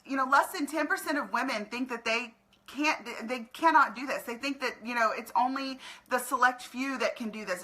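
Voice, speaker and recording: A woman's voice: fairly high pitch, bright, forceful tone, poor audio. A woman speaking straight to her camera, giving an earnest, emotional motivational pep talk while recruiting people to her team. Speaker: network marketing recruiter. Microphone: camera in front of her.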